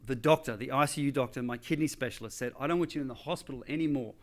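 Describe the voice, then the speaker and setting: A man giving a motivational talk, telling a story vividly and acting out what the doctors said, shifting between loud emphasis and hushed asides. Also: medium pitch, fast. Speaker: motivational speaker.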